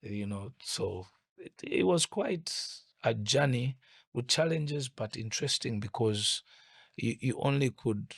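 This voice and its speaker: A middle-aged man from Uganda recounts his career in a relaxed interview. His voice is gravelly and sits at a middle pitch. The sound is dry and close, and he often restarts his sentences as he thinks. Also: unhurried, dry recording. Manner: reflective storytelling with repeated restarts. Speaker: interview guest, musician. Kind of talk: casual interview chat.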